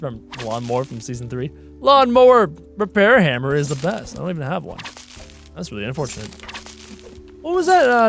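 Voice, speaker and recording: A man with a high voice chats his way through a survival game, cracking puns and laughing at them. His pitch leaps all over the place as he talks, and soft music plays underneath. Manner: playful, chatty, full of puns; laughs at his own jokes. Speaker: gaming video host. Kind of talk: casual let's-play commentary.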